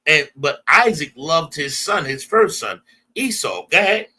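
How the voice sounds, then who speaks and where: High animated man teaching scripture. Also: measured pace. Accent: American English. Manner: emphatic, call-and-response, paraphrases verses in slang. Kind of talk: bible class teaching.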